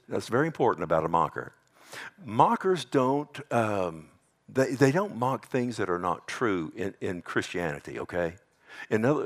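A middle-aged man, a pastor, preaching a sermon with animated delivery, mimicking mockers in a higher voice and dropping to quiet warnings. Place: church sanctuary.

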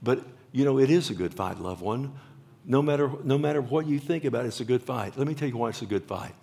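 A man's voice: medium pitch, lively intonation, fast talker, creaky, dark tone. A man preaching a sermon as pastor, earnest and often asking his listeners questions.

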